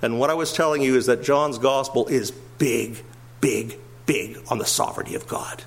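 An older man preaching a sermon, animated, swinging between emphatic raised passages and quiet asides. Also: mid-range voice, normal speed. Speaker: pastor.

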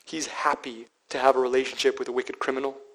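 A male pastor preaching a sermon, dropping to hushed whispers and then building to loud, emphatic passages. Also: medium pitch, little pitch movement, fast, poor audio.

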